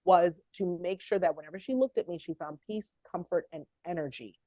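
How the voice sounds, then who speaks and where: A woman guest on a podcast interview, telling a personal family story in an earnest, heartfelt, halting way. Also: fairly low pitch, warm tone, no echo, dull audio.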